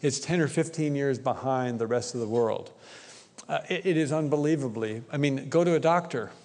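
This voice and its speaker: This conference speaker's voice is medium in pitch, moderately paced, and darkish. Talking conversationally in an echoey hall, he tends to end his points with a question to the audience, usually "right?"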